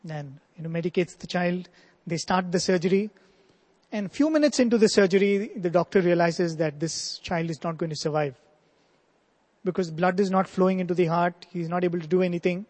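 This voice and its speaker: A man's voice: high voice, fairly quick, a little mellow. A man telling a devotional story earnestly as a spiritual speaker, with asides like "you know". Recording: long hall reverb.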